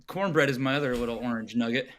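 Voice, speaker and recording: Speaking from his Oregon home, a middle-aged podcast guest rambles through a casual interview, often restarting and using fillers. He talks fast in a mid-range voice with a fairly bright tone.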